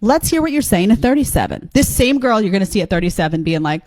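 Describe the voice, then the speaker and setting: A woman's voice: on the low side, sing-song, fast talker, few pauses, no room sound. A woman hosting a reaction video, giving blunt, sarcastic commentary on clips she plays.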